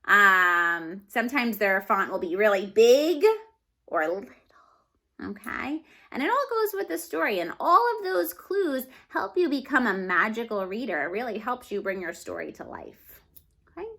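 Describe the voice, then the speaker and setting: A woman's voice: medium pitch, expressive, normal speed, sharp tone. A woman teacher giving a reading lesson to children, talking expressively and often checking in with "okay?".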